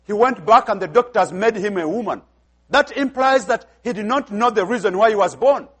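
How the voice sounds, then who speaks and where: High-voiced visiting pastor preaching emphatically. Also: male voice, a little fast, fairly bright tone, slightly rough. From outside the United States. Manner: emphatic preaching, repeats phrases, acts out dialogue. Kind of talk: sermon.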